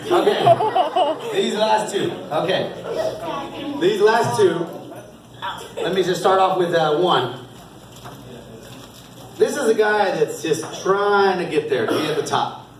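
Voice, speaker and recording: High-voiced encouraging coach in an echoey hall. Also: male voice, animated, measured pace, long pauses, distant mic, crowd noise. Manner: upbeat and encouraging, often laughing. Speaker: youth football coach. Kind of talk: award speech at a team banquet. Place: indoor banquet hall.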